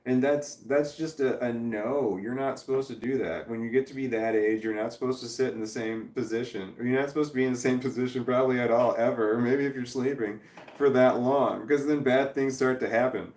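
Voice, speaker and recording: A man's voice: medium pitch, steady tone, fairly quick, a little mellow. A man in his forties chatting casually on a livestream, rambling, swearing freely and chuckling as he reads viewers' messages. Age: 40s. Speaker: livestreamer reading chat. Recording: roomy sound from a distant mic.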